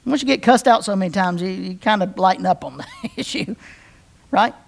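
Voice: fairly quick, vocal fry. A pastor preaching a sermon in a conversational storytelling way, often repeating phrases and checking in with the congregation. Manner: conversational, repeats phrases, asks the crowd "right?"; animated, with big swings in pitch and loudness.

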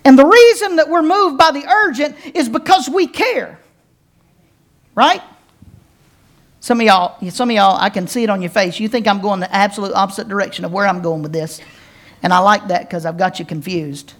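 A woman pastor preaching a sermon, folksy and playful, with slow, emphatic pauses and direct calls to her congregation. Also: mid-range voice. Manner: folksy and playful, with casual slang.

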